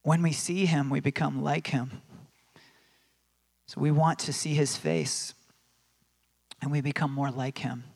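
A man's voice: fairly high pitch, fairly even intonation, unhurried, gravelly, pauses often, a little mellow. A man preaching a sermon in a conversational way, with many fillers and restarts, acting out quoted voices with animation.

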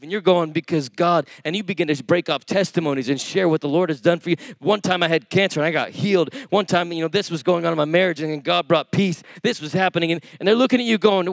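High-voiced impassioned preacher. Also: male voice, animated, fast, gravelly, no room sound. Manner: impassioned, storytelling with quoted dialogue. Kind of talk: sermon.

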